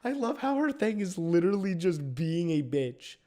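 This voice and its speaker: A man's voice: high voice, big pitch swings, normal speed, mellow, soft background music. A young man hosting a reaction commentary video, talking in a sarcastic, blunt and exasperated way.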